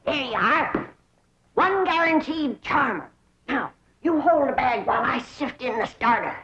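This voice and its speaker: A woman's voice: high voice, expressive, measured pace, a bit bright, muffled recording. An actress playing a feisty old hillbilly grandmother, bossy and twangy, on a hissy 1960s TV soundtrack. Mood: brisk. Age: older. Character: feisty old hillbilly granny, charm maker.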